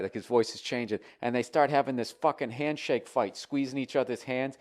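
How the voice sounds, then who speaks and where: Profane, animated male comedian. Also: mid-range voice, fairly quick, hardly any pauses. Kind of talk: comic storytelling.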